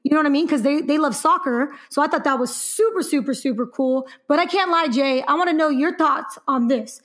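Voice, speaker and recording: A young woman co-hosting a podcast, telling a story in a lively, chatty way and laughing often. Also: high-pitched, brisk. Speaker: podcast co-host. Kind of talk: casual podcast chat.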